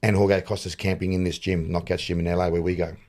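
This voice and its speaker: Low-voiced Australian boxing coach. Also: male voice, little pitch movement, fast talker, darkish tone. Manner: rambling, repeats words and restarts sentences. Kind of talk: casual interview chat.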